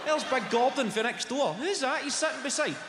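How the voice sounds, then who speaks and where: A man's voice: very high voice, animated, a little fast, background noise. A young Scottish man doing live stand-up on an arena stage, with brash, sweary banter at the crowd. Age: young adult. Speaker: stand-up comedian. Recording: echoey arena with long reverb, loud crowd.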